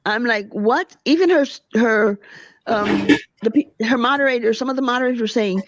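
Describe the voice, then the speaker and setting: A woman on a livestream, ranting with a heated, gossipy edge in a fairly high voice. Her sound is dull and lo-fi, dry with no room echo. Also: moderate pace. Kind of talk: casual livestream chat.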